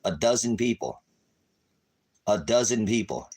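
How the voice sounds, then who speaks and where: Angry cursing man, lowish voice. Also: very animated, unhurried. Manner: angry, cursing, taunting, repeating insults; swings between shouting and muttering. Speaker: ministry livestreamer. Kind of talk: profane livestream rant at viewers.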